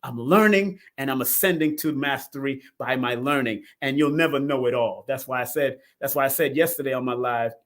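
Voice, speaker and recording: A middle-aged man hosting a live numerology talk show, casual and animated, laughing often and swinging from loud bursts to soft asides. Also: medium pitch, brisk, few pauses.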